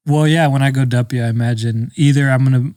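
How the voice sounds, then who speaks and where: A man's voice: medium pitch, steady tone, fast talker, darkish tone, no room sound, studio quality. A young man co-hosting a podcast in casual chat, joking and laughing often. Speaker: podcast co-host.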